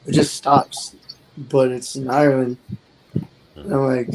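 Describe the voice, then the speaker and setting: A man's voice: medium pitch, level tone, normal speed, noisy background. A man in his forties, a guest on the show, talking in a rambling, earnest way that often trails off. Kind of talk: casual chat.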